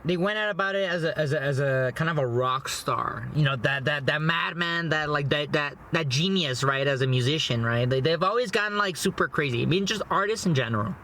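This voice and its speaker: A man's voice: a little high, a little fast, hardly any pauses, sharp tone, a little hiss or hum. Young man rambling from his car. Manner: rambling, repeats words, says "you know" and "bro" a lot. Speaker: food vlogger and movie reviewer. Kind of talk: casual chat while eating. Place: parked car in front of his house.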